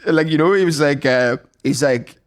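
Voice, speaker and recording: A man co-hosting a podcast, chatting casually in a slightly higher voice. He tells stories with lots of laughter and slips into quick impressions of the people he quotes. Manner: storytelling, laughing often, mimicking others in quotes. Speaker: podcast co-host. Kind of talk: casual chat.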